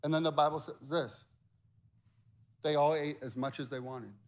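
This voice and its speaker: A pastor preaches a sermon at a fairly high pitch and a normal speed. He is animated and acts out the voices of the people he quotes.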